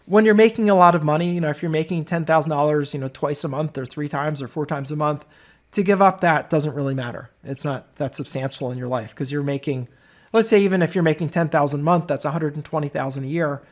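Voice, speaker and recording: Man telling stories in a slightly high voice. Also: quick pace. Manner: conversational storytelling. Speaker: business course instructor. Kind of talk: informal presentation.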